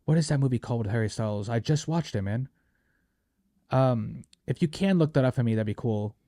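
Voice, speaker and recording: A man's voice: mid-range voice, a little fast, no echo, studio quality. A young man hosting a casual movie review podcast, joking around and acting out quotes in silly voices. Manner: animated, jokey, acts out quotes in silly voices. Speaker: podcast host.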